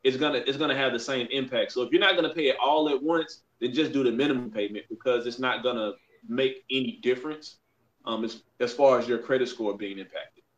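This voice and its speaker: A man's voice: medium pitch, fairly quick, reverberant, highs cut off. A man co-hosting a podcast in casual chat, laid-back and explanatory. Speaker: podcast co-host.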